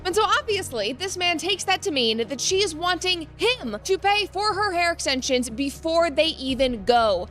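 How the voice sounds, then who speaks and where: Female online commentator: shrill, nasal, high-pitched, near-shouting. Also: big pitch swings, normal speed, few pauses. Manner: loud, near-shouting delivery. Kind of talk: scripted video commentary.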